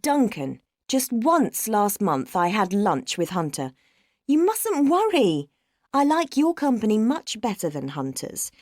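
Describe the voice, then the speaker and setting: A woman's voice: medium pitch, big pitch swings, unhurried, a little mellow, dry recording, clean studio sound. An actress playing an adult girlfriend in a scripted textbook dialogue, reassuring her jealous partner. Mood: coaxing.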